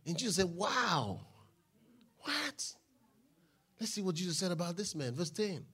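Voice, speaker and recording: A man preaching a sermon, reading scripture aloud and building to shouted declarations. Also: sits high, quick pace, husky. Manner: Bible reading with call-and-response, rising to shouted declarations.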